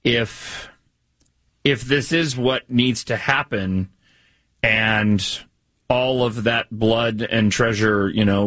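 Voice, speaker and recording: A man's voice: mid-range voice, a bit bright, dry recording. A man co-hosting a talk radio show, rambling with fillers and restarts. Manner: rambling, many fillers and restarts, laughs easily. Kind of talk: casual talk radio banter.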